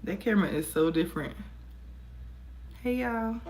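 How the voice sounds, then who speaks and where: A woman's voice: medium pitch, animated, moderate pace, darkish tone, a little hiss or hum. A woman giving a casual tarot reading to her viewers, chatty and encouraging, calling them y'all, recorded on a phone camera. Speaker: tarot reader.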